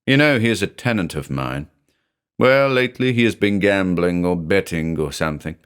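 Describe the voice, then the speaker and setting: A man's voice: low voice, expressive, normal speed, clean tone. A man voicing an uneasy, wheedling middle-aged landlord who speaks in short, defensive, broken phrases.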